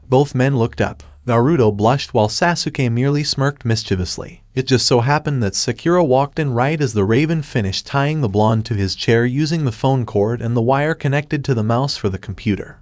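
A man narrating a fan fiction story aloud in an even, steady reading voice. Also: medium pitch, moderate pace, few pauses, no echo, clean studio sound.

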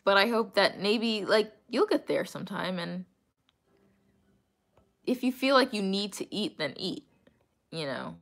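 A woman's voice: mid-range voice, sing-song, a little slow, gravelly, long pauses, a bit bright. A woman from New England chatting casually on a livestream, answering viewer comments with candid replies. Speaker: livestreamer reading chat. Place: underground room.

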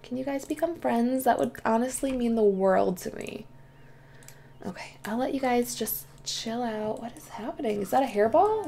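Slow-talking woman with a gravelly voice. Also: on the high side, lively intonation, darkish tone, faint music behind. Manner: chatty, exclaims and talks to her game characters. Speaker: let's play host. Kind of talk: casual gameplay commentary.

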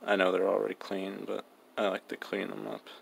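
A man's voice: lowish voice, monotone, brisk, gravelly, slight background noise. A young man giving casual, joking gameplay commentary, mumbling and swearing freely. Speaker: gaming vlogger.

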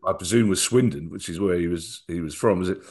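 A man's voice: sits low, quick pace, a little mellow, breathy edge. A middle-aged man, a guest on an interview podcast, recalling old memories in a rambling way with many restarts. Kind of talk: casual storytelling interview.

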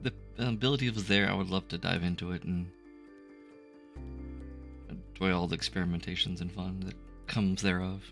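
A man co-hosting a casual podcast chat, speaking in a laid-back, measured way. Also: low-pitched, fairly bright tone. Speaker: podcast co-host.

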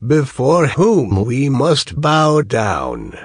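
A man's voice: mid-range voice, wildly swooping pitch, drawn-out words, breathy edge, no room sound, clean studio sound, heavily acted. A man voicing a cautious male wolf who explains things, in a plain storybook reading. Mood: explaining.

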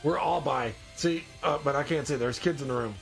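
A man's voice: fairly high pitch, brisk, vocal fry, faint music behind. Stuffy-nosed man chatting on a live stream. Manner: loose, joking, rambling, reads out viewer comments. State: stuffy nose. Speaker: live-stream host in demon costume. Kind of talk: casual live-stream chat with viewers.

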